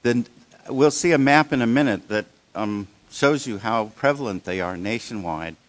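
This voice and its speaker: Leading a live workshop, a man with a mid-range voice talks conversationally but haltingly, with lots of restarts and fillers. He regularly checks in with the people attending.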